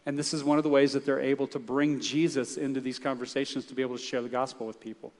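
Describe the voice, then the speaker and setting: A man from Texas preaching a sermon in a conversational, animated way, with frequent restarts. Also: medium pitch, quick pace, long reverb tail. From Texas, United States. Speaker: pastor. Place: church sanctuary.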